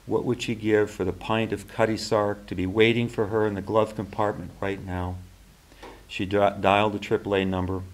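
A man, an author and teacher, reading literary fiction aloud in a measured, even way, now and then restarting a phrase. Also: on the low side. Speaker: author and faculty member.

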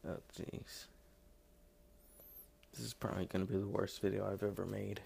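This unboxing vlogger talks to his phone camera, headphones plugged in, from his home kitchen in a loose, rambling way, full of fillers, apologies and self-deprecation. The voice is fairly low, husky and a little mellow, with vocal fry, a flat delivery and a moderate pace.

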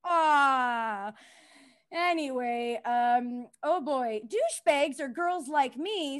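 A woman's voice: high-pitched, animated, slow pace. A young woman doing a crude stand-up comedy set, self-deprecating, laughing at her own jokes and talking to the crowd.

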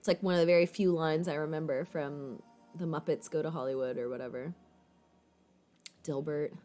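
A woman's voice: low voice, steady tone, moderate pace, dark tone, soft background music. Rambling, casual woman chatting with viewers. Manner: rambling, fillers like "like", casual swearing. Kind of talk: casual chat.

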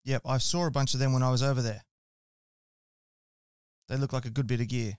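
An Australian man hosts a relaxed podcast chat with a smooth, resonant voice. He sounds friendly and easygoing, calling his guest mate. The recording is close and dry. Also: medium pitch, brisk, dry recording. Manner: friendly, chatty, says mate. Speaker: podcast host. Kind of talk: casual interview chat.

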